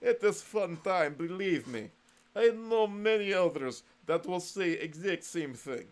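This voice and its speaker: A man doing a put-on Russian accent, playing a comic Russian soldier who talks in broken English and fusses over his rifle with gruff comrade bravado. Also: sits high, expressive, measured pace. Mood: boastful.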